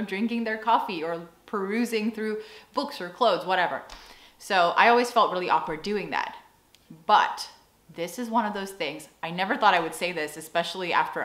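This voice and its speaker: A young woman with an American accent chats to camera in a relaxed vlog, lively and expressive, acting out little asides as she goes. Her voice sits in a middle pitch and rings a little in an echoey room. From United States. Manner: chatty and animated, with playful acted-out asides. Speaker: vlogger. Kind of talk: casual vlog talk to camera.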